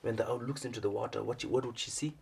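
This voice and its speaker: A man reading a picture book aloud to children, animated and stopping often to ask them questions. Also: mid-range voice, very fast, gravelly, a little hiss or hum. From Bhutan. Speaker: storyteller.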